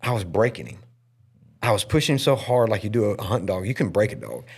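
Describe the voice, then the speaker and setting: Animated, earnest male pastor. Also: fast talker, gravelly, husky. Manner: earnest and emotional, with lively pitch swings. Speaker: pastor and podcast host. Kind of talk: candid personal storytelling in a podcast chat.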